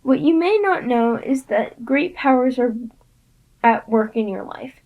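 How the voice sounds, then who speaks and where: A patient, kindly old teacher who explains things with careful formality, as a woman reader puts him on. He sounds calm and measured. The voice sits somewhat high. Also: phone-quality sound. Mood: gentle. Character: kindly, patient older male teacher and mentor.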